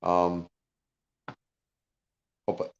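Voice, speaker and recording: A man's voice: low-pitched, monotone, drawn-out words, vocal fry, highs cut off. A man speaking as a guest on a live audio panel in casual chat, rambling, greeting listeners by name and checking he caused no offence.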